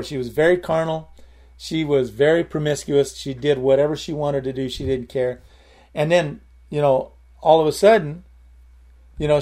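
A man's voice: on the high side, a little mellow. A man preaching informally, telling a story in a rambling way and often repeating his words.

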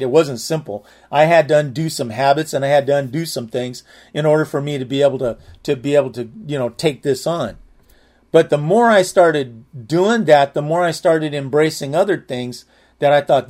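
Man, slightly higher voice, candid and earnest, telling a personal testimony. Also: darkish tone.

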